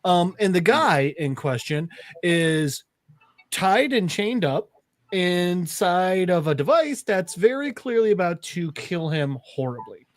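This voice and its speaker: A man's voice: high-pitched, takes it slowly, dry recording. A man co-hosting a podcast segment, retelling a comic in casual chat and acting out the characters' voices as he goes. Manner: animated storyteller, acts out voices.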